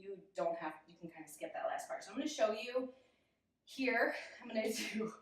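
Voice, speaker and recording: A young woman guides a yoga workout while doing it herself, breathless from the effort and quick to laugh at her own struggles. Her mid-pitched voice sits a few steps from the mic and bounces around a very echoey room. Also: animated, distant mic. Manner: giggly, self-deprecating, chatty. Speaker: yoga instructor. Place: room, instructor moving on a mat. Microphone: camera mic at a distance.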